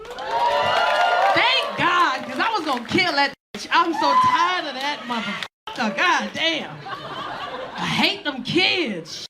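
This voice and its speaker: Brief: high-pitched woman comedian, brash and profane, live club crowd and chatter behind. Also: background noise. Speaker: stand-up comedian. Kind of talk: stand-up comedy set.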